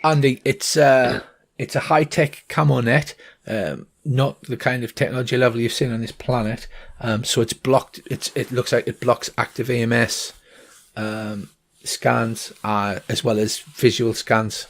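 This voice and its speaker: Older guy game-mastering a tabletop game, mid pitch, lots of uhs and ums. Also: steady tone, measured pace, vocal fry. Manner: hesitant, many fillers.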